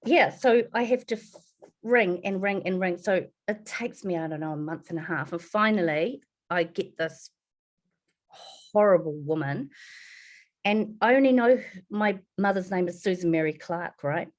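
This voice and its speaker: A woman's voice: fairly low pitch, normal speed. A woman with a New Zealand accent, a podcast guest telling her adoption story candidly, acting out voices as she goes. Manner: lively, swears, acts out voices in her story.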